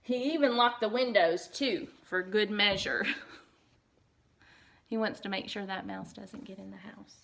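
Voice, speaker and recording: A woman's voice: medium pitch, fairly even intonation, measured pace, vocal fry, fairly bright tone, a little hiss or hum. A woman reading a picture book aloud to children, stopping often for chatty, amused asides about the pictures. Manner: chatty, amused asides between read lines. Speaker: reader.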